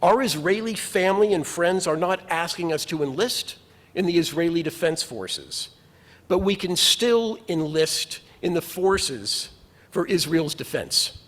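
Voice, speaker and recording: In a notably high male voice with lively intonation, a rabbi preaches a sermon, earnest and measured, driving points home through emphatic repetition. A long reverb carries his words, as though in a large synagogue sanctuary.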